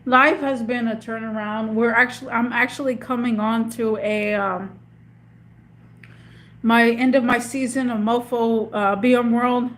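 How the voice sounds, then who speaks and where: Slow-talking emotional woman streamer. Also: a little high, fairly even intonation. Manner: emotional, slangy, rambling with many restarts. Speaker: livestream host. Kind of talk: casual livestream chat with viewers.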